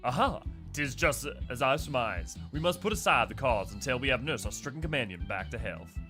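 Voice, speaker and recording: A man voicing a pompous, learned gentleman from a game, with grandiose, old-fashioned phrasing. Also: medium pitch, animated, a little fast, over music, natural voice.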